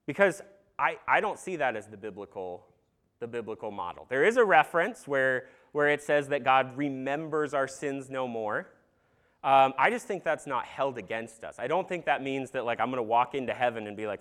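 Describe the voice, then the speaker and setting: A man's voice: mid-range voice, expressive, moderate pace, fairly bright tone. A man preaching an earnest sermon in a conversational way, with casual fillers and some humor. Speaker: pastor.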